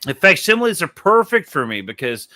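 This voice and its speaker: A man's voice: on the high side, very animated, brisk, sharp tone, no echo, studio quality. A man hosting a casual podcast chat, telling rambling stories full of swearing and laughter. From Texas. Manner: rambling, profane storytelling with frequent laughs. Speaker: podcast host.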